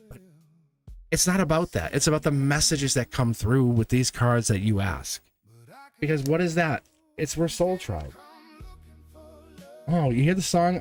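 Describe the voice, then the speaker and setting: A man of middle pitch rambles through a casual tarot livestream from his own studio, chuckling between thoughts. Faint music plays quietly behind his talk. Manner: rambling, chatty, laughs often. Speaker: tarot reader and host.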